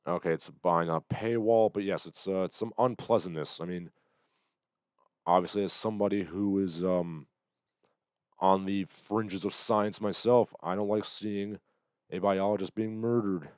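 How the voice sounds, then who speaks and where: A man hosting a livestream, commenting on the news in a sardonic, halting way with lots of fillers, still getting over an illness. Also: deep voice, fairly even intonation, a little mellow, clean tone, no echo. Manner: sardonic, hesitant with many fillers. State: recovering from illness, coughing. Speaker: livestream host.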